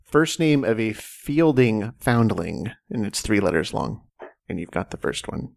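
A man hosting a casual trivia game among friends. He reads the clues slowly and laughs often. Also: on the low side, very animated, gravelly, a little mellow, no room sound, clean studio sound. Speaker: quiz host.

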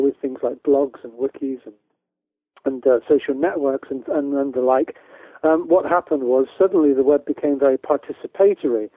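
A man's voice: medium pitch, no echo. Man on a tinny phone line. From United Kingdom. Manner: rambling, with many restarts and fillers. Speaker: guest educator. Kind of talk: casual conversational interview.

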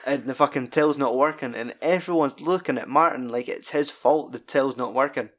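A man's voice: mid-range voice, normal speed. Scottish man, podcast co-host, loose sweary film talk. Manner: sweary, rambling and animated retelling. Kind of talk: casual film chat.

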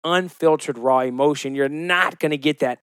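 A man in his thirties co-hosting a casual chat, telling stories with animated, defensive humor. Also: on the high side, normal speed, smooth, dry recording, clean studio sound. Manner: animated storyteller, defensive and joking. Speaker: podcast co-host.

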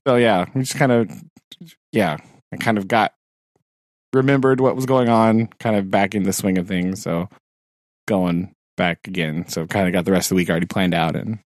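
A man's voice: deep voice, steady tone, moderate pace, no room sound, studio quality. A man who teaches sixth grade, chatting casually on a podcast, rambling with fillers and frequent laughs. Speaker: podcast co-host. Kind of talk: casual chat.

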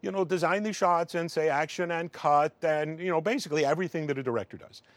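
A man imitating an eccentric male film director who speaks in halting, broken English. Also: on the high side, no room sound, pitched above the performer's own voice, lightly acted. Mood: eager, insistent.

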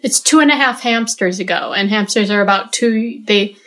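Bright, playful woman guest. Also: medium pitch, moderate pace. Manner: playful, teasing, affectionate. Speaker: guest, actress. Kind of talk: casual interview chat.

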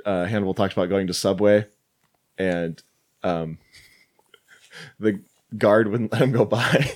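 A man's voice: lowish voice, takes it slowly, pauses often. A man co-hosting a podcast, casually recounting film scenes with quoted lines, laughing often and swearing. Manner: animated, swearing. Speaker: podcast co-host. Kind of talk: casual chat reviewing a film.

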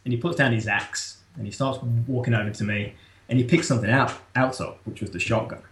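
British man telling a lively story in a roomy space. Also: mid-range voice, fairly quick. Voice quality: animated, laughing often, restarts. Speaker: guest. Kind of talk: casual storytelling.

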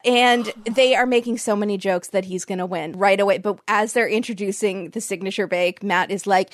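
Woman, podcast co-host, casual chat, laughs a lot, acts out quotes, mid pitch, dry close sound. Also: steady tone, moderate pace, few pauses, no room sound. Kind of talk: casual chat recapping a show.

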